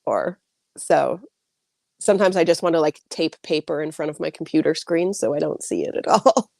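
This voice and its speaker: A woman's voice: low-pitched, normal speed, creaky, a little mellow, no echo, clean studio sound. A woman author answering interview questions in a chatty way, full of likes and restarts, over a video call. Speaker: author guest.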